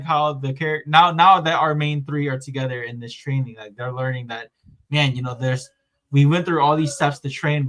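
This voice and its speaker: A man's voice: medium pitch, a bit bright. A man hosting a podcast, recapping an anime season in a rambling, casual way with lots of fillers. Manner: rambling, filler-heavy recap with acted-out quotes. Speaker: podcast host.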